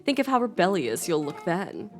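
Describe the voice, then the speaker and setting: A woman's voice: fairly low pitch, big pitch swings, moderate pace, faint music behind. A woman voicing a caring but stern mother in a story game. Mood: motherly. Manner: warm scolding, motherly.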